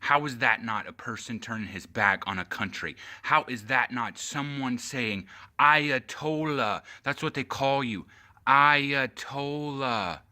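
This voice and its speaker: A man's voice: mid-range voice, normal speed, hardly any pauses. Man ranting angrily at his phone camera. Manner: heated, profane, sarcastic, rising to shouting. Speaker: vlogger. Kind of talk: angry political rant to camera.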